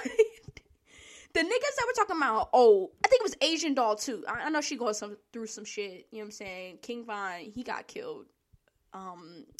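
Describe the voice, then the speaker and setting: A woman's voice: fairly high pitch, a bit bright. A woman hosting a podcast, delivering a blunt, profane, exasperated rant full of slang. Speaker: podcast host. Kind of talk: casual political rant.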